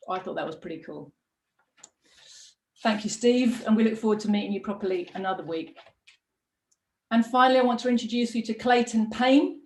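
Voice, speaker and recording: A middle-aged woman hosts a live political panel from an echoey room. Her voice sits a little high, and she talks in a passionate, emphatic, conversational way. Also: a little fast, long pauses. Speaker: party deputy leader hosting a live broadcast. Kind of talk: political broadcast, hosting a panel.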